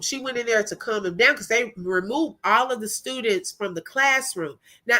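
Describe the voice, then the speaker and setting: A woman's voice: medium pitch, pushed and bright. A middle-aged woman, hosting a casual livestream, chatting animatedly, laughing often and greeting viewers. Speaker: livestream host. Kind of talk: casual live-stream chat.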